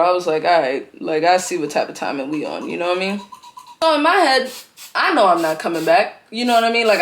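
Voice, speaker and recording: A woman's voice: medium pitch, fairly bright tone. A young adult woman telling a story on her vlog in casual, slangy speech full of "like" and "bro". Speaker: vlogger.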